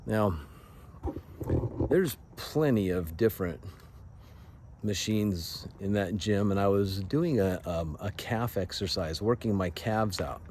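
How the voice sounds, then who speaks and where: Earnest low-voiced man in his forties. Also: expressive, a little mellow, slight background noise. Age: 40s. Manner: earnest, halting, restarts often. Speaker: vlogger sharing a personal story. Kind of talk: casual confessional storytelling.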